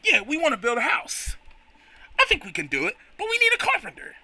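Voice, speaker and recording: An earnest young creature hero politely asks for help, read by a man. The voice is bright and lively, with a dry, close sound. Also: very high voice, fairly quick, dry recording, voice pushed up, exaggerated voice. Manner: polite, pleading.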